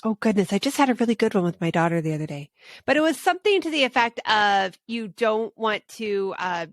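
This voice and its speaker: A woman hosting a casual parenting podcast, telling animated stories about her daughter and laughing often. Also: mid-range voice, brisk, no echo, clean studio sound. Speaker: podcast host.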